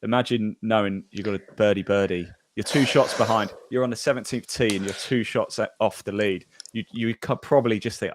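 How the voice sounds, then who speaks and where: Guy hosting a golf podcast, easygoing, lots of ums, low voice. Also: fairly even intonation, brisk, hardly any pauses. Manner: chatty, laughs often, reads scores with fillers. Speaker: podcast host. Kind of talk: casual golf news chat.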